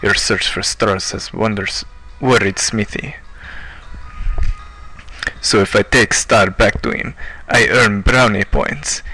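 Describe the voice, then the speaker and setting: A man's voice: on the low side, steady tone, slow pace, long pauses, pushed and bright, slightly rough, soft background music, exaggerated voice, poor audio. A man voicing a scheming, boastful male villain with a put-on foreign accent, reading game dialogue in a theatrical manner. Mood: menacing. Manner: gloating, theatrical. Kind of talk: game dialogue read aloud in voices.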